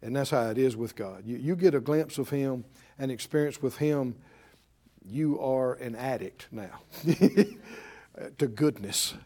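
A man's voice: medium pitch, takes it slowly, warm tone. A man preaching a sermon as pastor, emphatic, repeating phrases and drawing call-and-response from the congregation.

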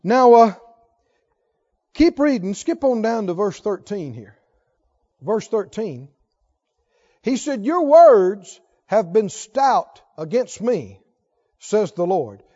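A man preaching a sermon as pastor, reading scripture and rising to shouted exhortations to the congregation. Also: high voice, big pitch swings, takes it slowly, long pauses. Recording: dull lo-fi sermon recording.

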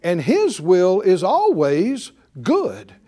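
An animated male preacher with a high, lively voice that swings up and down. He delivers his sermon in a slow, deliberate pace, emphatic and folksy, repeating his key words with a ready chuckle. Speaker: Bible teacher.

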